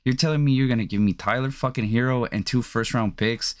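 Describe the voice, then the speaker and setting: Young man, podcast host, heated, cursing a lot, rambling, mid-pitched voice. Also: brisk. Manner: profane, heated, rambling with many fillers. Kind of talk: casual sports podcast rant.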